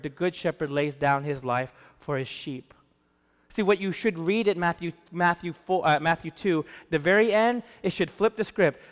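A man preaching a sermon, animated, swinging from loud emphasis to hushed storytelling. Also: high voice. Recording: long hall reverb.

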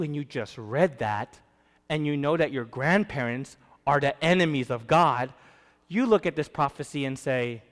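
A man preaching a sermon, animated, swinging from loud emphasis to hushed storytelling. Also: fairly high pitch. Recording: long hall reverb.

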